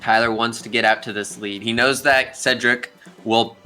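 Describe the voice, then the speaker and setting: A young man calls a video game golf tournament live, talking casually and turning to address the players directly. His voice is bright and forceful, with average pitch. Faint music plays behind him. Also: fairly even intonation, moderate pace. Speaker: tournament commentator. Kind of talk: live play-by-play commentary.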